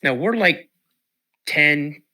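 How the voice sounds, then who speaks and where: Speaking very slowly in a slightly high voice, a middle-aged podcast guest recounts a story in a relaxed, animated manner. He keeps repeating words and starting over.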